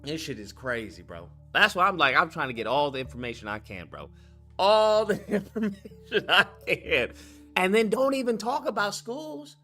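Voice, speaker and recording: A young man talking casually to his viewers as host, telling stories in an excitable, profane way. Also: high-pitched, moderate pace, soft background music. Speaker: streamer host.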